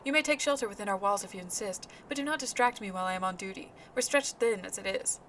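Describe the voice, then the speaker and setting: A woman's voice: mid-range voice, fairly bright tone, slight background noise, lightly acted. Stern guard commander, read out by a woman. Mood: formal. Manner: brisk, formal, plain reading voice.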